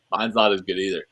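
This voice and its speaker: Casting: male guest, lively up-and-down delivery, jokey storyteller. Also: fairly low pitch, husky. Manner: animated storyteller who laughs while talking. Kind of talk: casual conversation.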